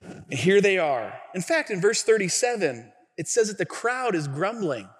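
A man's voice: high voice, sing-song, normal speed, breathy edge. A man preaching a sermon as pastor, telling stories animatedly with acted quotes and a casual, filler-heavy delivery. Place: church sanctuary. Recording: long church hall reverb.

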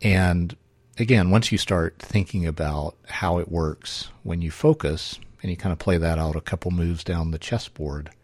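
A man's voice: deep voice, darkish tone, dry recording. A man hosting a solo podcast, thinking aloud in a wry, self-correcting way. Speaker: podcast host.

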